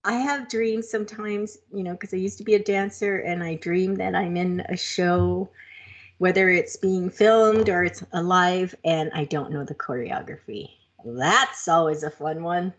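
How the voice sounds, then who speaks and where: A woman's voice: lowish voice, a little slow. A woman co-hosting a podcast in casual chat, talkative, laughing easily and telling rambling stories. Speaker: podcast co-host.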